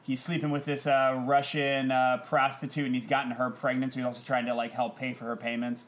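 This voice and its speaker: A man's voice: medium pitch, level tone, brisk. A man, a podcast guest in casual chat, giving a blunt, opinionated movie review.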